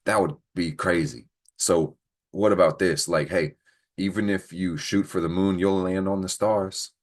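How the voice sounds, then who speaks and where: Low and steady, in no hurry, this young host chats about the week's astrology on a screen-recorded call through his computer mic, cracking jokes, cursing freely, and laughing often.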